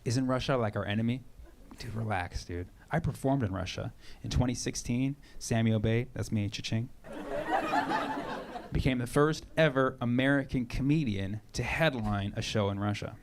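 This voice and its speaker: A man's voice: mid-range voice, normal speed. A male stand-up comedian doing a brash, profane set with crowd work at a comedy club. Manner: brash, profane, riffing with the audience. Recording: roomy live club with crowd noise. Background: audience laughter.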